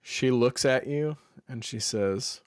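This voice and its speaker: A man's voice: mid-range voice, slow pace, no room sound, studio quality. A man narrating a tabletop game as dungeon master, casual and hesitant, with many fillers.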